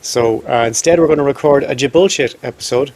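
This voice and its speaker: A man's voice: mid-range voice, fairly quick, a little mellow. A man hosting a podcast in rambling, jokey casual chat, getting over a cold. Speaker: podcast host.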